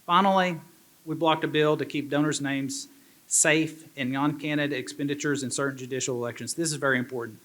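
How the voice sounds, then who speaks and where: A man's voice: fairly high pitch, steady tone, brisk, a bit bright. A man speaking as a state representative at a fundraising banquet, earnest and prone to restarting his sentences. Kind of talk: banquet speech.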